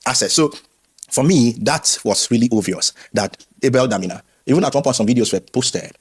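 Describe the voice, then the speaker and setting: A man, a former pastor, telling his story candidly in an interview with lively quoted voices. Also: mid-range voice, brisk, husky. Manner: animated storytelling, acts out quoted voices, frequent restarts.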